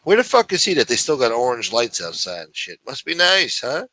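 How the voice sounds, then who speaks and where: A man hosting a late-night live stream, swearing freely and bantering with his chat. His voice is bright and forward, at a middling pitch. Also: fairly quick, no room sound, rough recording. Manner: profane, animated and chatty with chat. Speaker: livestream host. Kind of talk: casual live-stream talk.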